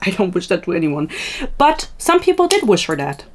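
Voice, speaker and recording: A woman's voice: on the low side, fairly quick. Chatty, swearing woman podcast host. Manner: animated and tangential, swears freely, laughs at herself. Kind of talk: casual chatty commentary.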